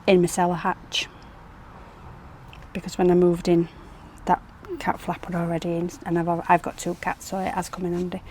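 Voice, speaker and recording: Woman vlogging on her phone outside, lowish voice, homely chatty way of talking, lots of wind and background noise. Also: monotone, normal speed, darkish tone. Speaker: allotment vlogger. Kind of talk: casual vlog chat. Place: outdoors at an allotment and around home. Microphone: phone held in hand. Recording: noisy outdoor phone recording.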